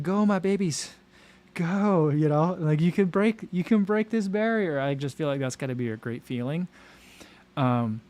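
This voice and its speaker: Chatty man rambling on a livestream. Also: mid-range voice. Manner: rambling, chatty, reads viewer comments aloud. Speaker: livestream host. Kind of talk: casual livestream chat.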